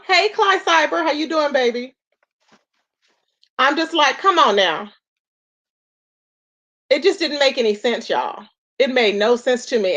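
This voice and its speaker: A woman hosting a live stream, talking with sass and exasperation, asking rhetorical questions and greeting viewers with endearments. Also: high-pitched. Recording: dull lo-fi stream audio.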